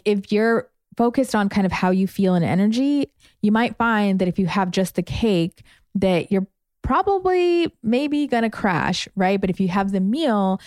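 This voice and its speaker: A woman's voice: mid-range voice, a little mellow, dry recording, clean studio sound. A woman with a Boston accent co-hosting a nutrition podcast, chatty and laughing often. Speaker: podcast co-host. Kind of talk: casual chat.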